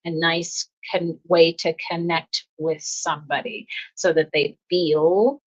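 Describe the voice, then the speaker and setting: A woman's voice: low voice, fairly even intonation, slow. A middle-aged woman hosting a casual self-help talk, speaking earnestly and often repeating her phrases. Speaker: host. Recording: slightly dull lo-fi audio.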